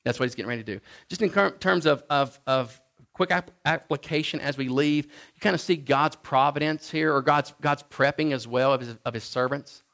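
A man preaching a sermon in a conversational, halting way, often restarting his sentences. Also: fairly bright tone. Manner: acts out the Bible figures in a higher voice. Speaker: pastor.

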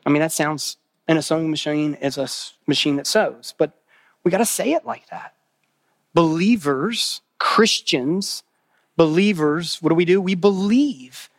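A man with a high voice preaching a sermon in an earnest way. He repeats key phrases for emphasis and puts questions to his listeners. The sound is dry and close, with little room echo. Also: animated, a little slow. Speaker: pastor.

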